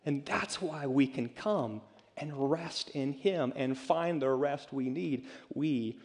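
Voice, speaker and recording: A man's voice: on the high side, slow pace. Man preaching in a reverberant hall. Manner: swings from loud urgent calls to hushed near-whispers. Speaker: pastor. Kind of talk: sermon. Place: church sanctuary.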